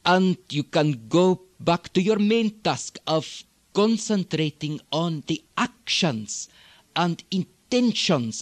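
A man doing a deliberate, measured Gulf Arabic accent, stretching his stressed words as he reads a practice passage. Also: fairly high pitch, dry recording.

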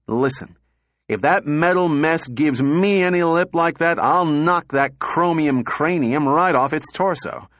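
Male reader doing a short-fused engineer, gruff and loud, dry close sound. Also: medium pitch, lively intonation, moderate pace, hardly any pauses, no echo, pitched above the performer's own voice, natural voice. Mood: angry. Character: hot-tempered male space engineer.

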